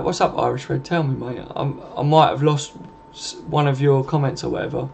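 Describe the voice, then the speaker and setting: A man with a southern English accent chats casually on a live stream, calling everyone "mate" as he rambles along. His voice is gravelly and stays flat in pitch. The stream audio sounds dull and lo-fi. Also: brisk, a little hiss or hum. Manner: rambling and matey, keeps adding "and that" and "mate". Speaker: live-stream channel host. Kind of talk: casual live-stream chat reading comments.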